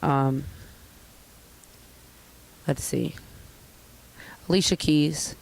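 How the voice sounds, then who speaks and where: A young woman chatting casually as an interview guest, candid and profane, telling stories with lively put-on voices. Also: sits low, drawn-out words, gravelly, poor audio. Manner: candid, profane, animated storytelling. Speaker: guest artist.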